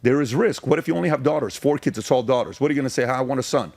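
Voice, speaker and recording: A man in his forties from Iran, speaking emphatically as a podcast guest, telling stories in fast bursts with sharp rises in pitch. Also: creaky, slightly rough, no echo. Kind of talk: casual conversation, storytelling.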